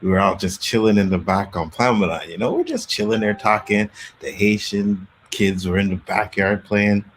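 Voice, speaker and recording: A man hosting a casual talk show, telling street stories from his youth in Canada with lively acted-out quotes. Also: fairly low pitch, normal speed, few pauses, slight background noise. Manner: animated storyteller, acts out quotes. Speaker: podcast host. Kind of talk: casual storytelling chat.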